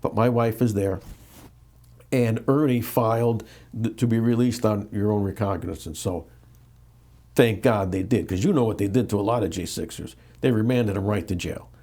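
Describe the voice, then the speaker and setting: A man's voice: on the low side, normal speed. Talkative middle-aged man telling a story. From United States. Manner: animated, repeats and restarts, acts out quotes. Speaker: interview guest. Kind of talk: candid storytelling.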